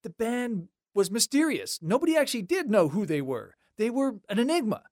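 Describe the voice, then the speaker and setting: A host narrating a scripted music-history story in a conversational, lightly wry way. The voice moves through a lively, animated range. It sits close on a dry mic with no room sound. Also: medium pitch, brisk, no echo.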